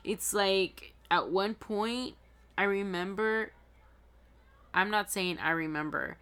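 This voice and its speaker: A woman's voice: medium pitch, takes it slowly, fairly bright tone, clean tone. A woman giving an intuitive tarot reading to her viewers in a chatty, emphatic and encouraging way, often restarting her sentences. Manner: earnest and encouraging. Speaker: tarot reader.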